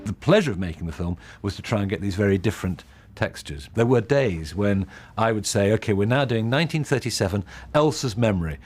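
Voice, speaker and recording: A man's voice: lowish voice, animated, fairly quick, hardly any pauses, darkish tone, faint music behind. A man, a film director, explaining his choices eagerly and fluently in a behind-the-scenes interview, with some fillers.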